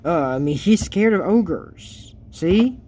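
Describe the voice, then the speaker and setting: A man's voice: sits high, animated, slow pace, dark tone, a little hiss or hum. A man giving casual, rambling reaction commentary on a cartoon episode for his YouTube channel, laughing at his own jokes.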